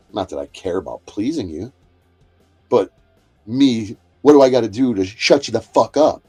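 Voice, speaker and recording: Man, angry livestream rant, profane, confrontational, repetitive, mid pitch, faint guitar music behind. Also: lively intonation, normal speed, mellow, husky. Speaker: livestream host. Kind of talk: angry ranting monologue.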